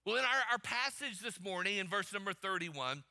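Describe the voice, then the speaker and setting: A male pastor preaching a sermon emphatically, calling on the congregation to answer out loud. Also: high-pitched, lively intonation, brisk. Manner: emphatic, calls for congregation responses.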